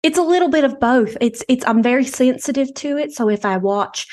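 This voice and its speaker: A woman's voice: high-pitched, fairly quick, a little mellow, natural voice. A woman voicing an eccentric female researcher who founded a bogus institute, telling her story in a rambling, mock-earnest way. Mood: self-assured. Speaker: podcast guest. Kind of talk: improvised comedy character.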